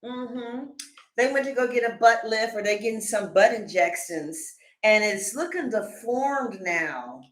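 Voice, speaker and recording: A woman gives a casual tarot reading in a bright, high voice that swoops all over. She jokes constantly, laughs often and drops into comic voices. The room gives her voice a noticeable echo. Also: expressive, unhurried. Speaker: tarot reader.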